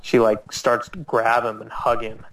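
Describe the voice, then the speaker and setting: This man's slightly bright voice barely moves in pitch as he tells a small group a loose, restart-heavy anecdote at a measured pace. Whenever he quotes someone, his voice leaps upward. The audio quality is poor.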